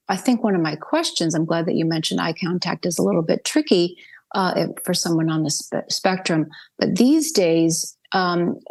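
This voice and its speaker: Woman host, rambling, hesitant, lowish voice. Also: a little mellow. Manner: rambling, hesitant, many fillers. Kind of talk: interview questions.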